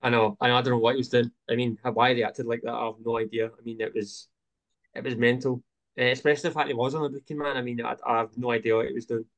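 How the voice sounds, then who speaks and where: A man's voice: medium pitch, steady tone, fast talker, fairly bright tone. A man hosting a casual football podcast, talking with many hesitant fillers. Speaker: podcast host.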